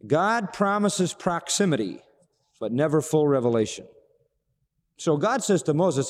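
A male preacher delivering a sermon with a lively, sweeping voice, sitting a little high for a man. He acts out dialogue and drops to hushed lows before ringing out. His voice carries a long reverb, as in a large church sanctuary. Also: measured pace, long pauses.

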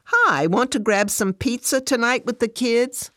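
A woman's voice: a little high, measured pace, dry recording, studio quality, pitched above the performer's own voice. Woman voicing a patient, cautious friend. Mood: calm, cautious. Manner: calm, cautious, plain-spoken.

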